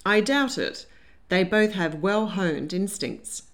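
A woman voicing a composed, dryly amused young Regency gentleman in an audiobook. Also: mid-range voice, expressive, slow. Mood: wry. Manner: wry, teasing, composed.

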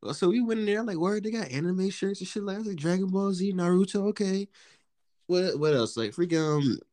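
A young man telling a casual story in a podcast chat, animated and profane, acting out what people said. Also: sits high, a little fast. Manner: animated, profane, acts out quoted voices.

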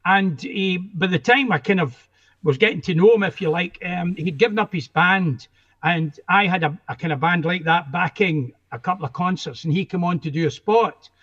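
Older Scottish male musician, guest, rambling anecdotal delivery, high pitch for a man, muffled audio. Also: moderate pace, a bit bright. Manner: rambling, self-interrupting storyteller. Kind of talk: anecdotal interview chat.

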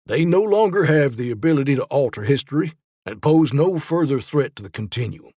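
A man's voice: mid-range voice, animated, a little fast, mellow, husky, no echo. A man voicing Zeke, an earnest male Time Ranger explaining and defending a case, in a storybook reading. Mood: urgent. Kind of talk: storybook character voice.

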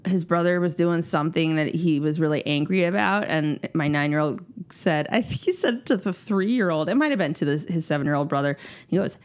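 Host, woman in her thirties, slightly low voice, animated storyteller who laughs often and swears casually. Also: brisk. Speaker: podcast host. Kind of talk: casual chat.

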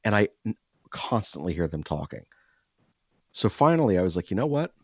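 A man hosting a podcast, telling a long casual story full of "like" fillers and crude jokes, jumping up in pitch when he acts out quoted lines. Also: big pitch swings, moderate pace, darkish tone, husky, no echo. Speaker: podcast host. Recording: dry, slightly dull podcast mic.

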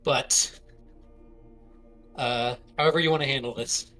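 Guy with a bright edgy voice playing a tabletop game, chill and explaining stuff. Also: medium pitch, steady tone, measured pace, faint music behind. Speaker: player. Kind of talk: casual tabletop game chat.

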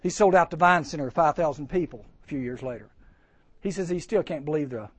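A man preaching a storytelling sermon at a teen camp chapel, animated and acting out the voices he quotes. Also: a little high, fast.

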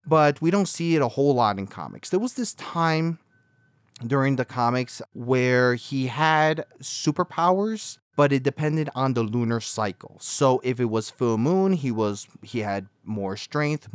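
A young man talks through a TV series review in a relaxed, chatty way, full of little asides and fillers. His voice sits at an ordinary middle pitch. The sound is dry and close, with no room around it. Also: no room sound. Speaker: video reviewer. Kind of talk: casual review commentary.

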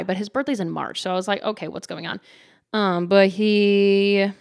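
This podcast host, whose medium-pitched voice is creaky, tells a casual story in a chatty, giggly way full of "like" fillers. She acts it out with playful, lively quoted voices, in a dry, studio-quality recording.

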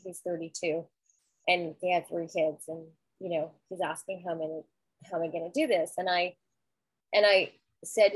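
A woman's voice: fairly low pitch, no room sound, low-quality recording. A middle-aged woman talking earnestly and reflectively in a casual conversation, with frequent restarts. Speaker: guest sharing grief experience.

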